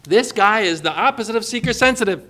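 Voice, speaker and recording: A man delivers an emphatic sermon in a high, bright voice. He drives his points home and slips into quick voices for the people in his stories. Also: animated. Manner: emphatic, acts out quoted voices. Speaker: preacher.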